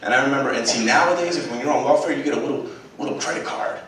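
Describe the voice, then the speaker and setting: A man's voice: medium pitch, racing, fairly bright tone, recorded from a distance. A man in his thirties speaks from a stage in a big college theater. He tells his story bluntly, with plenty of swearing and conversational asides to the audience. His voice rings with heavy reverb, sounds set well back from the mic, and has a faint hiss under it. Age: 30s. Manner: blunt, profane, conversational, keeps checking in with "right?". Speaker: guest speaker. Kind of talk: storytelling talk to a live audience. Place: large college theater, in front of a full house.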